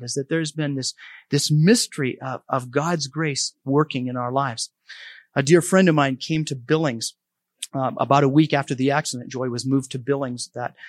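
A man's voice: medium pitch, no room sound. A middle-aged man sharing a personal testimony in an earnest way, often restarting and repeating words as he goes. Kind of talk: testimony talk.

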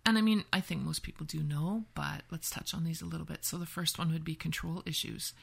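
On a relaxed podcast, a women's empowerment and yoga teacher from Canada talks through boundaries, repeatedly checking in with "right?" and performing sample phrases aloud. She speaks fairly quickly in a low, steady, creaky voice with slight roughness.

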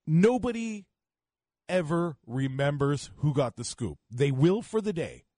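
A man's voice: on the high side, sing-song, a little slow, mellow, no room sound, studio quality. A man co-hosting a late-night radio show, speaking emphatically and ranting. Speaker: radio co-host.

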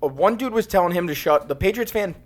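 A man's voice: sits high, fast talker. A young man co-hosting a casual sports podcast, swearing freely and acting out what people said. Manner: animated, swears, acts out quotes. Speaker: podcast co-host. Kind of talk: casual chat.

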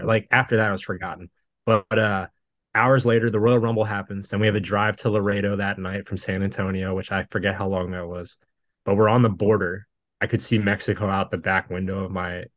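Male guest, low pitch, dry mic, loose rambling anecdotal delivery. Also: dry recording. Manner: rambling, laughs things off, jumps around. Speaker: podcast guest. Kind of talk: casual storytelling chat.

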